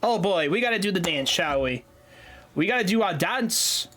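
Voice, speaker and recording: A man's voice: high-pitched, lively intonation, moderate pace, a bit bright. A man chatting casually on a gaming livestream, rambling loosely, swearing freely and laughing easily. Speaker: streamer.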